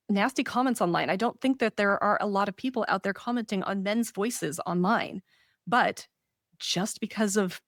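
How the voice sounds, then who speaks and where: Woman podcast co-host, chatty and animated, casual advice, mid-range pitch, dry sound. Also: dry recording. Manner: chatty and animated, laughs often.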